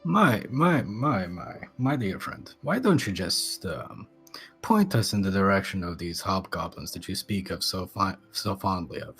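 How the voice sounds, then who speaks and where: Deep husky man role-playing. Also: animated, unhurried, fairly bright tone, faint music behind. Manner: smooth-talking, mock formal. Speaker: player. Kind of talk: in-character role-play.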